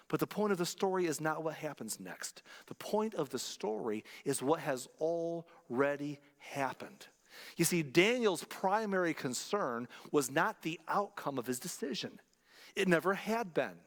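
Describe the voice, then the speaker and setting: Fairly high-voiced man preaching in a reverberant hall. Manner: conversational storytelling with emphatic repetition. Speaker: pastor. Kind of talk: sermon. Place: church sanctuary.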